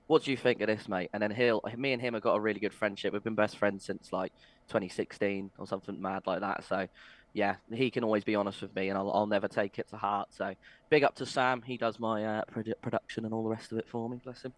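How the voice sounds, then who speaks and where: Enthusiastic young musician. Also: male voice, fairly low pitch, level tone, fast. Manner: enthusiastic, laughs easily, uses "like" and "mate". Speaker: musician guest. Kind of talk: casual interview chat.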